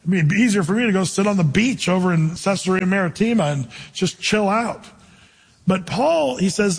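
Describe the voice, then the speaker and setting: A male pastor preaches in a chatty, animated way, tossing in jokes between his points. His voice sits fairly high for a man and has a husky edge. A long reverb rings after his words, as in a big church hall. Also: moderate pace. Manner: animated, conversational preaching with jokey asides. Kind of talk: sermon.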